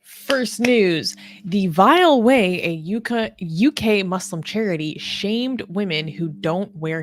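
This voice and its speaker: Chatty woman with a low, dry voice. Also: no echo. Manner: chatty, with many fillers and restarts. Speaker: co-host of a news talk show. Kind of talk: casual news discussion.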